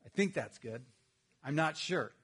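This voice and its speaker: A middle-aged pastor preaches a sermon in a conversational, humorous storytelling style, breaking into lively outbursts. His voice is fairly high-pitched and husky, and he speaks a little slowly.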